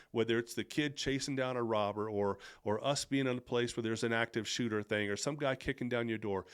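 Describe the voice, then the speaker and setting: Earnest middle-aged man preaching. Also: medium pitch. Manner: earnest, heated at times, with self-deprecating asides. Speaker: podcast host. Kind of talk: faith-based monologue.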